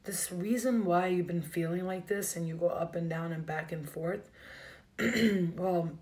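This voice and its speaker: A woman's voice: fairly low pitch, a little slow, a little mellow. A woman giving a live tarot reading, emotional and direct, speaking straight to her viewers. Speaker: tarot reader.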